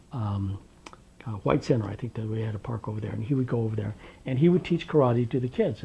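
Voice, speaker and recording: A man from Tri-Cities, Washington, USA, shares his memories for an oral history in a wry, unhurried way, pausing on ums and uhs. His mid-pitched voice is husky and gravelly with a dark tone. The recording is dull and lo-fi.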